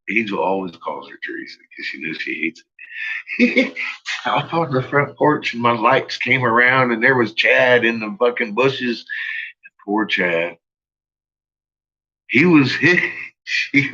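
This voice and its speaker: A man with a husky, bright voice tells a rambling personal story, swearing constantly and laughing between lines. His pitch sits a little high and jumps around a lot. The recording is muffled and lo-fi. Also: animated, measured pace, pauses often. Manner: profane, laughs often while telling. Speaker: vlogger.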